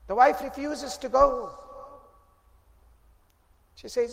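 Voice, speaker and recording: Preacher guy telling a story, dramatic, loud then soft, fairly high voice, echoey hall. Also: sing-song, slow pace, long pauses. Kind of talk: moral storytelling. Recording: long reverb, faint background noise.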